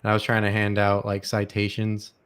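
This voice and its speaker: A man's voice: fairly low pitch, monotone, fairly quick, a bit bright, smooth. Rambling young man with a cracking voice. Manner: rambling, opinionated, with many fillers and restarts. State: voice cracking, dry throat. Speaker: podcast host. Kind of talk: casual chat.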